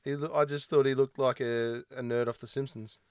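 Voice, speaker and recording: A man co-hosting a casual chat, excitable and quick to laugh. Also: medium pitch, clean tone, no room sound. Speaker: podcast co-host.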